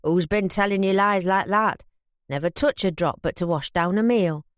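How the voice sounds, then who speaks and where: Woman doing a gruff Yorkshire father in his fifties. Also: mid-range voice, normal speed, dry recording, studio quality, close to an everyday voice. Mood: defensive. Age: 50s. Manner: gruff, blunt, grumbling. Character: gruff proud Yorkshire father, aged fifty.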